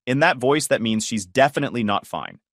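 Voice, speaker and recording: Man reading as weary teen daughter, frustrated, lively pitch, dry close sound, storybook read. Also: fairly quick, no room sound. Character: tired nineteen-year-old daughter, frustrated.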